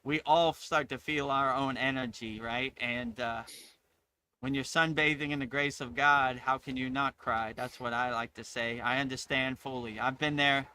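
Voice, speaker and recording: A man's voice: mid-range voice, steady tone, normal speed, bright, forceful tone, slight background noise. A middle-aged man hosting a casual spiritual chat, enthusiastic, laughing often and saying "you know" a lot. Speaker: spiritual teacher and host.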